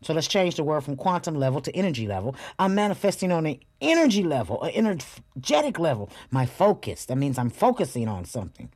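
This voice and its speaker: A woman hosts a spiritual motivational podcast, speaking warmly and directly to her listeners as a group and repeating affirmations with emphasis. Her deep voice swings widely in pitch, moving a little fast with hardly any pauses. The studio sound is clean, with no echo.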